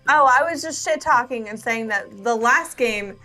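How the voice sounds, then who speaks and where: A woman's voice: a little high, normal speed, sharp tone, soft background music. A woman chatting casually as a player in a tabletop game over a voice call, teasing the others. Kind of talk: casual chat while playing a tabletop game.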